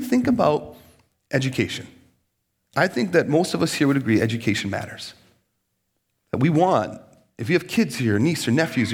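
A man preaching a sermon, lively and conversational, often acting out quoted voices to make his point. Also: a little high. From United States. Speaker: pastor.

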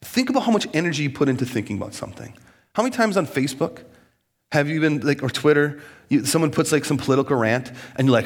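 A man preaching a sermon, lively and conversational, often acting out quoted voices to make his point. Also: medium pitch, fast. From United States. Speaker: pastor.

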